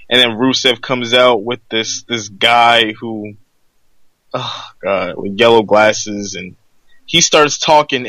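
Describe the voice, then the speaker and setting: A man's voice: medium pitch, bright, forceful tone, no room sound. A man co-hosting a wrestling podcast, talking casually in a mocking, profane way and laughing often. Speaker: podcast co-host.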